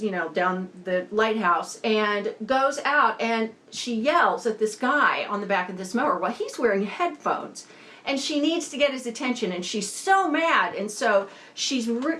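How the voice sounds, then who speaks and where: A woman's voice: fairly high pitch, expressive, measured pace, fairly bright tone. A woman, tired and talking around a new retainer, chatting animatedly about books as a video host and laughing often. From Indiana. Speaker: BookTube host. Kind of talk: casual book chat.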